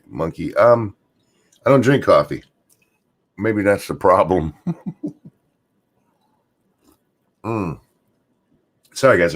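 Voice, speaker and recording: Man, streamer host, sarcastic, crude, rambling, low pitch, morning voice. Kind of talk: casual rant stream.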